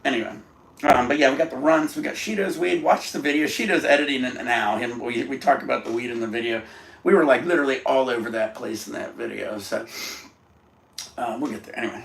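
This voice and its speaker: Laid-back gravelly man streaming from home. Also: medium pitch, a little fast, a bit bright. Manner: rambling, laid-back, swears casually. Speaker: livestream host. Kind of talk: casual livestream chat. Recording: echoey room, faint background noise.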